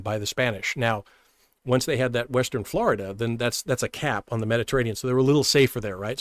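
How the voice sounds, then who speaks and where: A man's voice: medium pitch, dry recording. A man hosting a live-streamed history talk. He speaks casually, chuckles now and then, and keeps checking in with "right?" asides. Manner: fast, conversational, with chuckles and many "right?" asides. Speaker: history show host.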